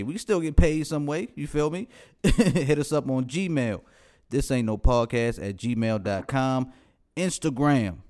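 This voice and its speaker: A man's voice: medium pitch, a little mellow, clear, resonant tone. A man hosting a podcast, casual banter in loose slang, laughing often. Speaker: podcast host.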